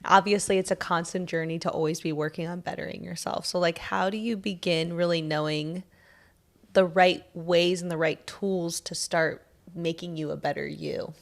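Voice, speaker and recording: A woman hosting a podcast, chatting casually and asking easygoing questions with quick backchannels. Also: fairly low pitch, steady tone, creaky. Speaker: podcast host. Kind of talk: casual interview chat.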